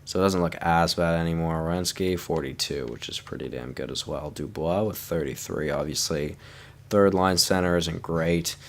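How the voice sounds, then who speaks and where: Sleepy low-voiced young man gaming. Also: moderate pace. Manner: sleepy, yawning, chatty. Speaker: gaming YouTuber. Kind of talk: casual gameplay commentary.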